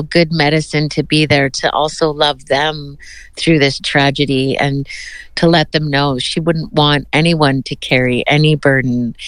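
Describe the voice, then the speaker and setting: A woman, a politician speaking in a heartfelt, measured way in a remote news interview, often saying "you know". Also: sits low, no echo.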